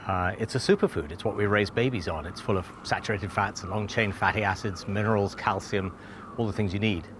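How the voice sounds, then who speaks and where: A man with a low voice explains his craft in a measured, thoughtful way, pausing with the odd filler. Steady background noise sits under his voice. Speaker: cheesemaker. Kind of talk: interview answers. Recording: noisy background ambience.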